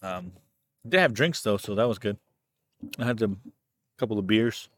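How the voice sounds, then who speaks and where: A man co-hosting a casual podcast, telling stories in a relaxed way and laughing easily. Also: lowish voice, moderate pace. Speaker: podcast co-host. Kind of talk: casual chat.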